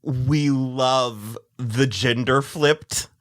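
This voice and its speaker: A man's voice: mid-range voice, fairly even intonation, very slow. A man co-hosting a TV recap podcast, chatting casually, rambling, trailing off mid-sentence and laughing often. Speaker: podcast co-host.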